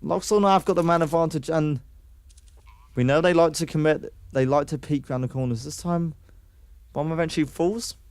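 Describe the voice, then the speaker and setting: A man's voice: a little high, fairly quick, clear, resonant tone, no room sound, clean studio sound. A man from the UK casting an online esports match with play-by-play commentary, rising sharply on kills and chatting with stream viewers between rounds. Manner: excitable, jumps up on kills, chats with stream viewers. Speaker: esports caster.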